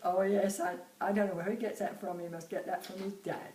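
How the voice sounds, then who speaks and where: An elderly woman with a broad Cockney accent chats warmly and laughs easily as she reminisces. Her voice sits at an ordinary pitch for her age. She sounds set back from the mic in a roomy space, with a faint hum of ambience behind her. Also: steady tone, a little fast, recorded from a distance. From Bermondsey, London. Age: about 80. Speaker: interviewee, host's mother. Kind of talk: casual chat.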